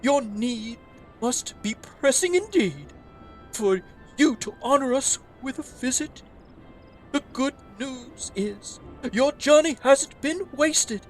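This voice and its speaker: A man's voice: very high voice, lively intonation, slow, faint music behind, voice pushed up, full character voice. A man voicing a snooty elf hostess, reading video game dialogue in an affected, fussy and theatrical way. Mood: gracious.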